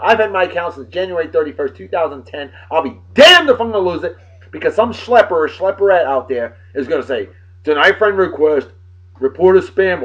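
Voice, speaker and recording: A man hosting his own casual webcast, rambling and crude and quick to get riled. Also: sits high, slightly rough, dull audio. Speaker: show host.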